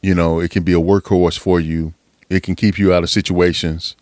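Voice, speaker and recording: A man delivers a motivational podcast monologue in a low, dry voice. He swears freely, presses his points over and over, and preaches with fired-up conviction. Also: little pitch movement, moderate pace, darkish tone, no room sound. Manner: profane, fired-up preaching with frequent laughs. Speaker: podcast host.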